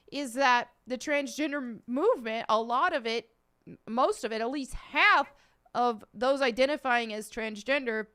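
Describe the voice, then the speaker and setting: Flat, bright-voiced woman commentator. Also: on the high side, smooth. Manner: flat, monotone delivery. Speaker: online commentator in a clip. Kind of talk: scripted video commentary.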